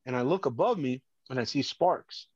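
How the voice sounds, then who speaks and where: A man, a former police officer and podcast guest, earnestly recounts a harrowing personal story, often halting and restarting. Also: medium pitch, a little mellow, breathy edge, no room sound. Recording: dull lo-fi dry sound.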